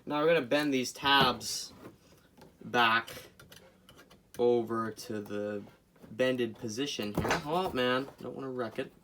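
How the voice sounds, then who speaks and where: A man hosting a casual repair video, rambling and joking to his viewers as he works, often away from the camera and now and then breaking into loud bursts. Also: medium pitch, slow pace, pauses often, background noise. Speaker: hobbyist video host repairing a clock. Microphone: camera mic, speaker often away from camera.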